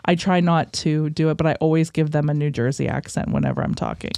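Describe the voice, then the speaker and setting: A woman's voice: low voice, huge pitch swings, fast, creaky, heavy background noise. Chatty woman guest telling stories. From western Pennsylvania. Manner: chatty, tells stories with quoted voices. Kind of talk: casual storytelling chat.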